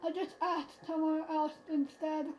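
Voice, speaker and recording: A woman's voice: high voice, flat delivery, unhurried, darkish tone, faint music behind, rough recording. A woman streamer reading game dialogue aloud on a live stream, with playful, wry remarks.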